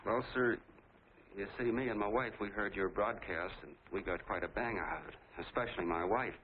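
A man plays a chatty small-town soda jerk who tells his tale in a folksy, rambling way. His American voice sits a bit low. The sound is tinny and thin, like an old 1940s film, with a faint hiss under it. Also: moderate pace, lightly acted.

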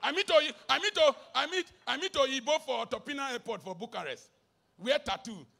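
Nigerian-accented man, middle-aged, emphatic sermon; bright, husky edge, dips into Pidgin. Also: lively intonation, moderate pace. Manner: emphatic, swinging from shouted bursts to low asides, mixing in Pidgin. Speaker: preacher.

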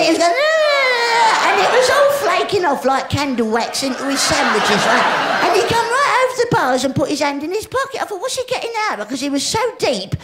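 A woman performing a live stand-up comedy routine, cheeky and rambling, talking straight to the audience. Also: high-pitched. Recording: echoey live room with crowd laughter and noise. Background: audience laughter.

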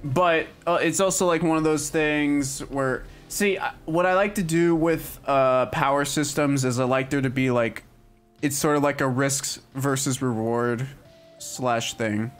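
A man's voice: medium pitch, a little slow, clean tone. A young man chatting casually on a livestream, rambling with lots of "like" and "um" fillers. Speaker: streamer. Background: faint music.

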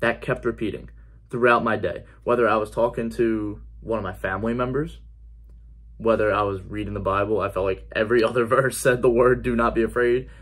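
A man's voice: fairly low pitch, fairly even intonation, brisk, fairly bright tone, husky. A man giving an earnest personal faith testimony in a conversational vlog style, repeating key phrases for emphasis. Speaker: faith vlogger.

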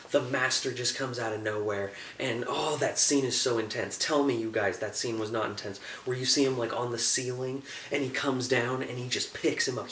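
Young male reviewer, excitable, recorded a bit off-mic with faint hiss. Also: medium pitch, roomy sound, far from the mic. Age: young adult. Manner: enthusiastic, acts out scenes in quick put-on voices. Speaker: show reviewer. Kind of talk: casual review monologue.

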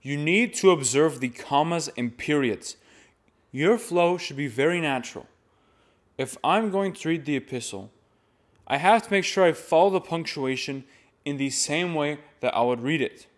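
A man's voice: on the high side, animated, moderate pace. A man teaching how to chant a church reading, explaining plainly step by step. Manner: plain, explanatory, with sung demonstrations. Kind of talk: instructional talk to camera.

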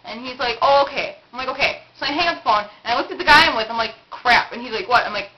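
Young woman rambling thru a story, high voice, talks super fast, lots of um and like, hissy home cam. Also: highs cut off. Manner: rambling, quick, giggly storyteller with many fillers. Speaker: vlog co-host. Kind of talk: casual storytelling chat. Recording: noisy home video recording.

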